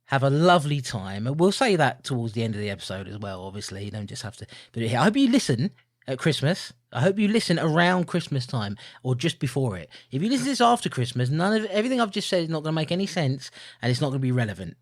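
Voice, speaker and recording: A man's voice: very animated, quick pace, dry recording, studio quality. A man co-hosting a podcast in casual, jokey, rambling chat, with mock-grumpy outbursts. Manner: jokey, rambling, mock-grumpy with sudden loud high bursts. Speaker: podcast co-host.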